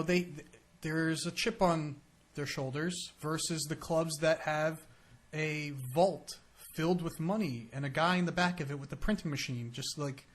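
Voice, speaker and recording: A man with an American accent talks in loose, rambling podcast chat. His voice sits a bit high for a man. He slips into silly voices to act out what others said. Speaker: podcast co-host. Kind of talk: casual chat.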